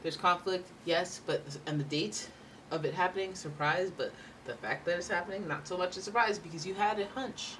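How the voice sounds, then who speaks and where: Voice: medium pitch, moderate pace, pushed and bright, a little hiss or hum. Rambly tarot reader just chatting thru a reading, mic kinda far away. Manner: chatty, rambling, playful asides. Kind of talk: casual tarot reading to camera.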